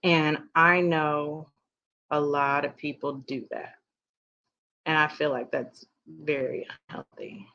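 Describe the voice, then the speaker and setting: A woman co-hosting a podcast, speaking in a measured, reflective way in casual chat. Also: sits low, steady tone, gravelly, fairly bright tone. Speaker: podcast co-host. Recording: muffled lo-fi audio.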